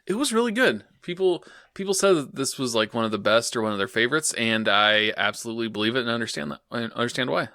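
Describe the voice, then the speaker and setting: A man's voice: mid-range voice, quick pace, few pauses, sharp tone, no room sound, clean studio sound. A man co-hosting a podcast, chatting casually and joking, then reading an episode recap. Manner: jokey, laughs easily. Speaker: podcast co-host.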